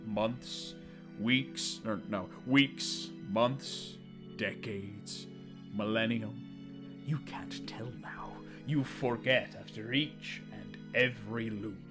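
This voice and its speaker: A man voicing a calm, grandiose king villain who wants the world frozen, speaking slowly and solemnly, with game music behind. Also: lowish voice, voice pushed down. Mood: menacing. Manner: slow, solemn, drawn-out delivery.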